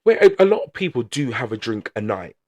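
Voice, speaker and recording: A man co-hosting a podcast in casual chat, chatty and playful with quick reactions. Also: medium pitch, big pitch swings, a little mellow. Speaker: podcast co-host.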